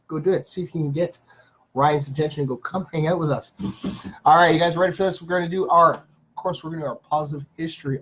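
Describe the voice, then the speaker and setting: Husky-voiced man hosting a casual live stream. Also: on the high side, poor audio. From Canada. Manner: reads viewer names and greets them; rambling with many fillers. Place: small home studio.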